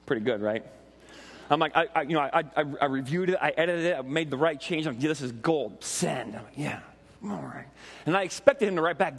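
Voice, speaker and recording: A man in his forties preaching a sermon with animated, conversational storytelling and frequent asides to the congregation. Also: fairly high pitch, fairly quick, gravelly, slightly rough, big-room sound. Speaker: pastor.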